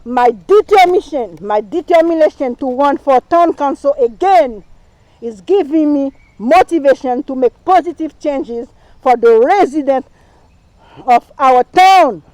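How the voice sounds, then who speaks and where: A woman's voice: high-pitched, animated, unhurried, dark tone, no room sound, rough recording. A middle-aged woman whose first language is not English gives an impassioned campaign speech as a town council candidate, repeating herself and stumbling over words. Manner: impassioned, repetitive, speaks non-native English with slips. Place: live stream rally.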